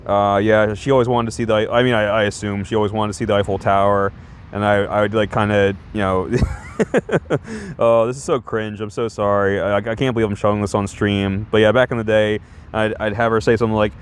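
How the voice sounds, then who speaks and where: A man's voice: fairly low pitch, steady tone, a little fast, a little hiss or hum. A man streaming live, chatting casually in a rambling, self-conscious way with many restarts. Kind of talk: casual livestream chat.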